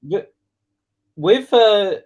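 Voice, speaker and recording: A man in a casual chat, asking questions with halting restarts. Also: sits high, animated, a little mellow.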